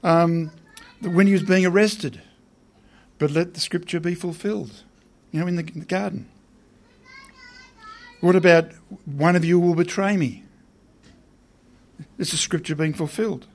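A man's voice: high-pitched, steady tone, measured pace, long pauses. A man preaching a sermon in a conversational way, often putting questions to his listeners.

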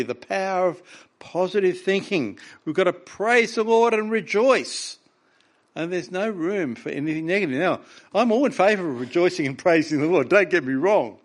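A man preaching a sermon, reading scripture with raw emotion between plainly explained points. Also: high-pitched.

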